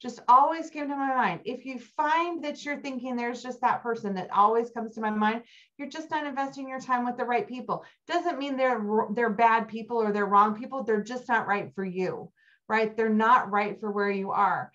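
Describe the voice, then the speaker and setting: Woman, middle-aged, keynote speaker, animated storyteller, slightly high voice, muffled lo-fi sound. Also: normal speed. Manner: animated storytelling, rising high when excited. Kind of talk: motivational keynote talk. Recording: dull lo-fi recording.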